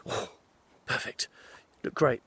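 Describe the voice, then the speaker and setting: A man putting on a camp, bossy male film dresser who fusses in a breathy half-whisper. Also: slow pace, fairly bright tone, no echo. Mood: fussing.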